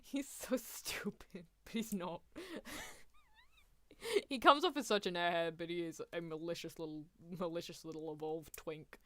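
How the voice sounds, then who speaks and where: A woman's voice: on the low side, moderate pace, pushed and bright, dry recording. A young woman chatting casually and laughing often as she reacts to an anime on a stream, talking close to a desk mic.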